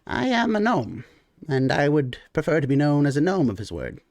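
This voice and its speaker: A man's voice: fairly high pitch, huge pitch swings, moderate pace, a little mellow, no echo. A man voicing a small, stout male gnome merchant who speaks formally and courteously.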